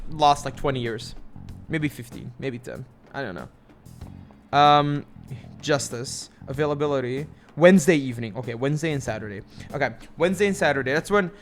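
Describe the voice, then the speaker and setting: A young man streaming a video game, rambling casually, cursing and mocking himself as he plays. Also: on the high side. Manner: rambling, profane, self-mocking. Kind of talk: casual gameplay commentary.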